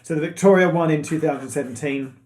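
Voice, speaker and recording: A man's voice: fairly high pitch, quick pace, darkish tone. A man co-hosting a casual quiz night stream, chatty and self-mocking, rambling through facts. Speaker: quiz co-host. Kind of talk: casual live-stream chat.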